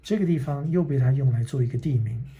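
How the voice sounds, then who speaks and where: A man's voice: mid-range voice, warm tone. A man reading a children's book aloud and stopping to explain words, sometimes dropping to a whisper. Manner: reads slowly, stops to explain words in another language; drops to a whisper at times. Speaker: reader and teacher.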